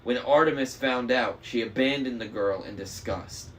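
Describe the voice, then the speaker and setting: A man voicing a smug young male traitor demigod, smooth, mocking and persuasive. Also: mid-range voice, normal speed, a bit bright, lightly acted. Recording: faint noise, slightly distant mic.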